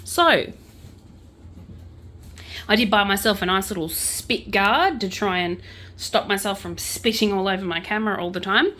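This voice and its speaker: A woman with an Australian accent chatting to camera as a crochet and true crime vlogger, loud, bubbly and self-mocking. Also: mid-range voice, normal speed, long pauses. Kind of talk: casual chat to camera.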